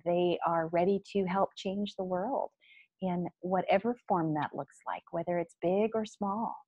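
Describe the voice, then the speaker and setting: A woman's voice: on the low side, a little slow, slightly rough, no room sound, highs cut off. A woman hosting a video interview as a spiritual coach, earnest and effusive as she talks about her program.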